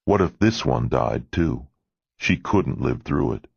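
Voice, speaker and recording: Audiobook narrator, male, very deep and gravelly, lively pitch, dry lo-fi sound. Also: slow, no echo. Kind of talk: scripted narration. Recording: dull lo-fi dry recording.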